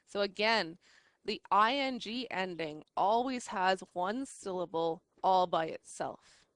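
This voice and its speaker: A woman's voice: medium pitch, expressive, fairly bright tone, dry recording. A woman teaching an English lesson, explaining patiently and checking in often with the class. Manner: patient, slow, checks in with "right?".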